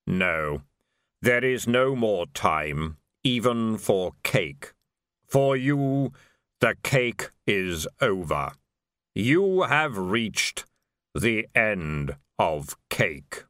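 Death as a slow solemn spirit, a man putting it on, low and drawn out, dry sound. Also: big pitch swings, fairly bright tone, dry recording, exaggerated voice. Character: Death, a slow grave skeletal being.

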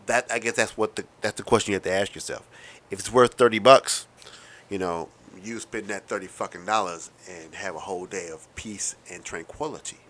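A man in his thirties riffs through a casual solo monologue, talking fast with wry, profane asides. His voice sits a little low yet sounds bright and forward. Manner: self-described fast talker. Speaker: podcast host.

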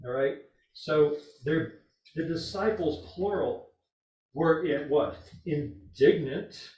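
A man leading a group Bible study, talking in a halting, conversational, gently teasing way. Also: a little high. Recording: far, roomy, dull recording.

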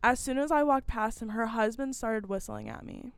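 A teenage girl and podcast guest, telling a work story in a casual, animated way, full of "like" and acted-out dialogue. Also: a little high, moderate pace, smooth, no echo. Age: teens. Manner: animated, filler-heavy retelling with quoted dialogue.

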